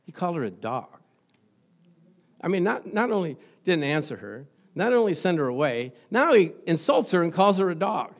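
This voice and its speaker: A man preaching a sermon as pastor, chatty and questioning, shifting from soft asides to loud fervent emphasis with frequent laughter. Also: a little high, sing-song, moderate pace. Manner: conversational, quizzes the congregation, laughs often.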